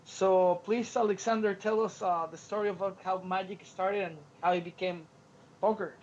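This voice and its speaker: A man co-hosting a podcast, telling stories in an animated way and acting out the quotes, with frequent restarts. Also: sits high, moderate pace, slight background noise. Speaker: podcast co-host. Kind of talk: casual podcast chat. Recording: lo-fi podcast audio.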